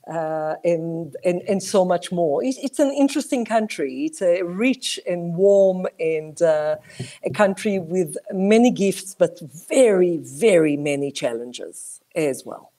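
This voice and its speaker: A woman with a mixed South African accent, a guest talking on a video call, expressive and searching for words. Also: fairly low pitch. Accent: South African mixed with other languages. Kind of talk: casual interview over video call.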